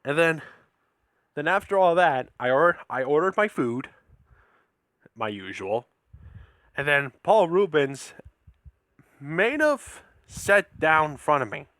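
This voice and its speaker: Male storyteller, slightly high and very bright, slow and stumbling, rambles with restarts, dry close sound. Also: big pitch swings, no room sound. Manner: rambling, with many restarts and repeated words. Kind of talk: casual spoken fan-fiction story.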